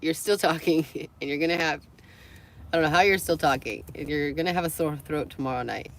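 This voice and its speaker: A young woman chats to her live stream in a rambling, laughing storytelling voice, now and then acting out the people in her stories. Her voice sits a little low for a woman. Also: a little fast. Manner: chatty, laughs often, acts out quoted voices.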